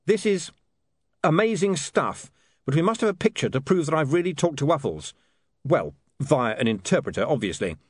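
Male reader doing an eager young reporter, a touch higher, very dry sound. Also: sing-song, normal speed, slightly rough, no echo. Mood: earnest.

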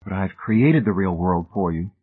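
A prim and controlling spinster, voiced by a man in an audiobook reading, speaks with calm, chilly composure and quiet pride. The voice sits low and husky. It comes through a narrow, phone-like sound. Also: normal speed. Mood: quietly proud. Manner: calm, matter-of-fact, quietly proud. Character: prim cold middle-aged spinster woman, controlling.

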